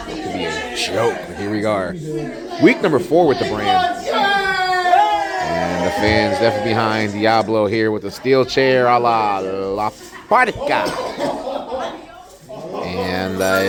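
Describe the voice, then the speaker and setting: A man doing joking play-by-play commentary for a wrestling match, his voice jumping up sharply at the big moves. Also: mid-range voice. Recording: loud crowd and music behind.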